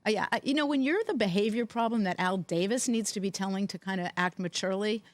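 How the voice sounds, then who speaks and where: A middle-aged woman, co-host of a podcast, telling animated anecdotes in casual chat. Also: medium pitch, quick pace, dry recording. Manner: animated anecdotes, lively quoted voices. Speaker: podcast co-host, former team executive.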